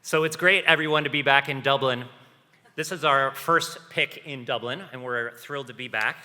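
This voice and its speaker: A man's voice: medium pitch, normal speed, pushed and bright, long reverb tail. A man co-hosting a conference contest on stage, playing the self-deprecating straight man in the banter. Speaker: co-host. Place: hotel conference hall.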